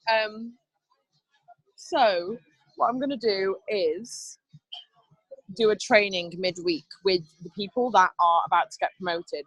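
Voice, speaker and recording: A woman's voice: medium pitch, a bit bright, husky, dry recording, poor audio. A woman leading a team training over a video call, upbeat and chatty, laughing often. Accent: not Canadian. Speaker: team leader.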